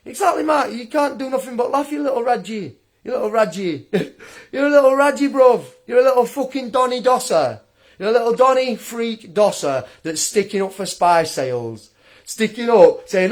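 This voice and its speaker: A young man with a high-pitched voice, ranting on a livestream. He taunts and mocks his critic in a combative, scornful tone, breaking into laughter as he goes. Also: animated, moderate pace. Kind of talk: angry livestream rant.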